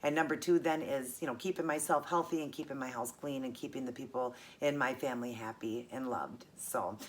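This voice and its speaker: A woman's voice: rumbling low, a little hiss or hum. A middle-aged woman vlogger chatting casually and earnestly as she unboxes gifts, gushing and emotional.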